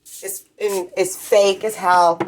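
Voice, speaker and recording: A woman's voice: mid-range voice, flat delivery, takes it slowly. Woman ranting and cussing nonstop, rambling all over, hiss and clicks in the background. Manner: heated, rambling, swears constantly. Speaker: vlogger. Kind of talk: profane ranting monologue.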